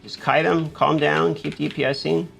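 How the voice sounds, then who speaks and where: A man's voice: a little high, little pitch movement, normal speed, creaky, a bit bright, faint music behind. A man giving live commentary as he plays a game, talking himself through each move and urging himself on. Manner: talks himself through play, panics and urges himself on. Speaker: gaming YouTuber.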